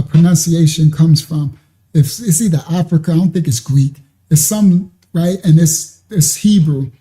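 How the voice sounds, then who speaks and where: Very dark-voiced male preacher. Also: a little high. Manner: rambling, keeps asking "you understand?". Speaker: religious teacher. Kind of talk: live-streamed scripture teaching.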